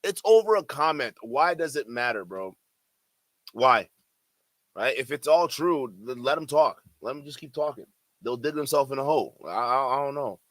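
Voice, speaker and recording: A man reacting to clips on a stream, excitable and mocking, often repeating himself and swearing. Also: mid-range voice, normal speed, dry recording. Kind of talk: casual reaction commentary.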